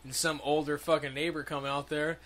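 Man, bright sharp voice, rambling, profane, casual chat. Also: a little high, level tone, fairly quick, slight background noise.

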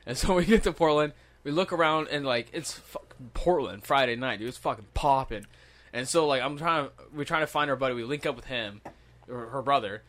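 A man's voice: medium pitch, fairly quick, fairly bright tone. Young male podcast host, swears freely, rambles through stories with laughter. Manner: profane, rambling, laughs often. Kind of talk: casual storytelling chat.

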